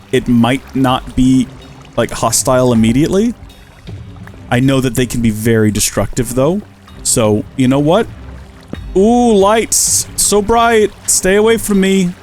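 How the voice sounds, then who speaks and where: Male let's-play host, casual and jokey, lively pitch, mid-range voice, faint music bed. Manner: chatty, talks to animals and himself, jokey asides. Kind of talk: casual gameplay commentary.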